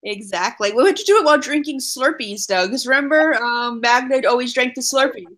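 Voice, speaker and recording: A woman co-hosting a podcast in casual chat, playful and quick to laugh and agree. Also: sits high, a bit bright. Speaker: podcast co-host.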